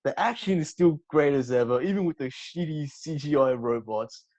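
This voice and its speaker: A man guesting on a casual movie discussion. He talks in an animated, excitable way and swears freely. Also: on the high side, normal speed. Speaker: podcast guest.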